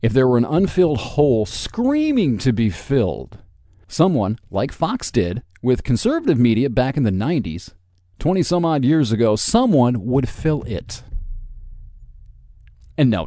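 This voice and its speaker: A man's voice: mid-range voice, mellow, no room sound, studio quality. A man in his forties hosting a solo podcast, ranting in a sarcastic, combative and profane way. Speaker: podcast host.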